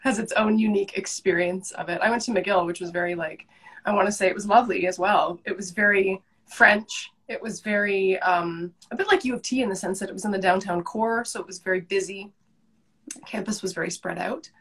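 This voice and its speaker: A woman's voice: medium pitch, steady tone, fairly quick, fairly bright tone, slightly rough. A young Canadian woman chatting as a guest on a live video call, enthusiastic and talkative. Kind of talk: casual chat.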